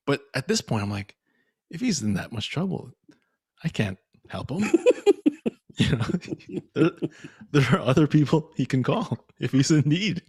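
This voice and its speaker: A young man co-hosting a podcast, telling a story in animated casual chat and laughing often. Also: mid-range voice, unhurried, long pauses, slightly rough, no echo, clean studio sound. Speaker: podcast co-host.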